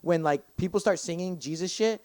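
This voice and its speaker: A young man with a high-pitched voice talks a little fast on a dry recording. He's a podcast guest rambling through a long story in casual conversation, animated, swearing nonstop and piling up fillers.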